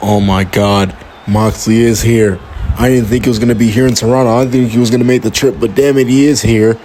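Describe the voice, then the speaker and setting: A man giving excited, outraged play-by-play commentary over a wrestling video game, often exclaiming and swearing. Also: medium pitch, brisk, a little hiss or hum.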